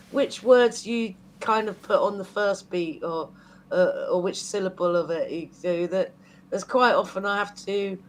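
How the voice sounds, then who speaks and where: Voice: medium pitch, a little hiss or hum. A guest songwriter in a casual podcast chat, talking in rambling, restarting sentences and laughing easily.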